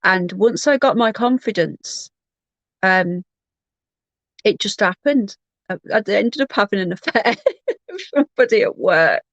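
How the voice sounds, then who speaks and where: A woman's voice: mid-range voice, expressive, a little slow, long pauses, no room sound, dull audio. A woman hosting a livestream, telling a personal story in a candid, rambling way with frequent restarts. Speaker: livestream host.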